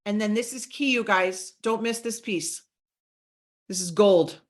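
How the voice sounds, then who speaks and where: A middle-aged woman giving an energetic sales training talk to a group, coaching them and acting out sample chats. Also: medium pitch, unhurried.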